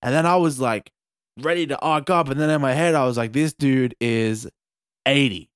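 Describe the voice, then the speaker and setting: A young man with an Australian accent telling a story in a casual chat, animated and swearing freely. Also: medium pitch, moderate pace, noisy background.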